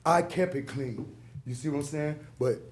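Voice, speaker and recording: A man with a drawl pleads at a public meeting, his voice swelling with preacher-like rhythm and rhetorical questions. His voice sits a touch high for a man. The hall around him rings with echo. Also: moderate pace. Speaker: public commenter. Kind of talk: impassioned public comment. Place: large council chamber. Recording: echoey council chamber.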